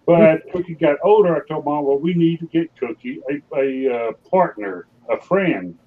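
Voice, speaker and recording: Man, casual rambling storyteller, fairly high voice, tinny phone-like line, faint hiss. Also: normal speed. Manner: rambling anecdotal.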